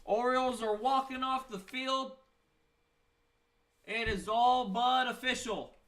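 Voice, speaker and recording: Bright high-voiced young man calling baseball. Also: steady tone, slow pace. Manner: casual, self-mocking asides between calls. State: tired, yawning. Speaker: play-by-play streamer. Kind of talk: live baseball play-by-play commentary.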